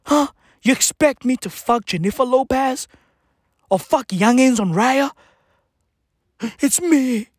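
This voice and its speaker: A woman's voice: high voice, lively intonation, no room sound, heavily acted. A woman playing a desperate superhero guy begging his lover to stay, whiny, dry close sound. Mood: pleading. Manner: whiny, pleading, rapid questions. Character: clingy pleading male superhero, desperate lover.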